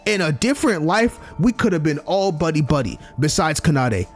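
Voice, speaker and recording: A young man commentating on a game he is playing, excitable and slangy, laughing often. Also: on the high side, moderate pace, faint music behind. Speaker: let's play streamer. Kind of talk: game commentary, reading dialogue aloud.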